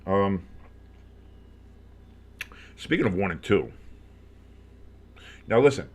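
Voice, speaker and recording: A man's voice: deep voice, very animated, takes it slowly, a little mellow. Male fan calling games play-by-play, chatty, loose, lots of fillers, leaps up when plays break open. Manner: rambling, many fillers, jumps up on big plays. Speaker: sports fan commentator. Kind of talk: casual play-by-play with reactions.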